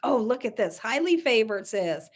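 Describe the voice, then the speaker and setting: Speaking at normal speed in a voice on the high side with big pitch swings, a woman hosts a relaxed cooking livestream. She laughs often and chats as she reads viewer comments aloud.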